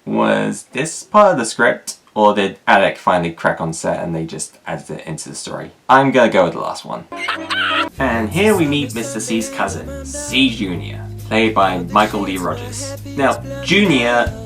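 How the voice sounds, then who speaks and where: Man, comedic reviewer, sarcastic, exasperated, lively pitch, music behind. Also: moderate pace, creaky. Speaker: video reviewer. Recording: background music under the voice.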